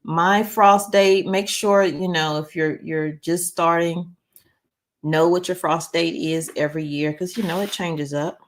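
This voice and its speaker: A North Carolina woman chats on a casual livestream, her fairly low voice a little slow and fairly even in intonation. As host she rambles, reads viewer comments aloud slowly and with some struggle, and peppers her talk with "um"s and restarts.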